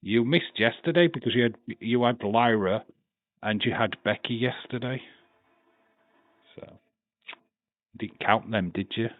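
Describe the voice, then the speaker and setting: A man's voice: mid-range voice, a little slow, long pauses, dry recording, narrow, tinny audio. A man with a Yorkshire accent hosting a live watch-along, chatting casually, laughing often, swearing and reading chat messages aloud. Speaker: livestream host.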